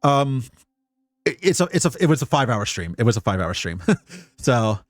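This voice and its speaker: A man's voice: mid-range voice, big pitch swings, normal speed, no echo, studio quality. A Scottish man giving casual live-stream commentary, rambling and profane, with many restarts.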